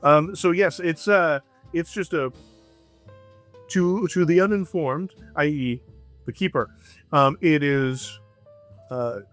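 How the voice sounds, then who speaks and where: A man narrating as game master in a halting, filler-heavy way. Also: on the high side, a bit bright, soft background music.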